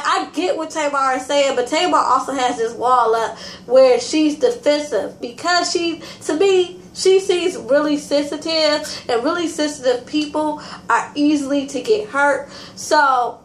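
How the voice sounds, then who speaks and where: A woman casually recapping and commenting on a reality TV episode, talking straight to her viewers in a chatty way. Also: high voice. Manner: chatty, addresses viewers as y'all, frequent fillers and restarts. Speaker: TV review host. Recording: echoey room with faint ambient noise.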